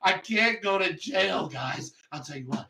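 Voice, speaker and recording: A man's voice: expressive, a little slow, gravelly, roomy sound, distant mic, very noisy, full character voice. A man voicing a panicked male criminal who begs and offers every name to avoid jail. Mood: pleading. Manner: desperate, begging, higher-pitched.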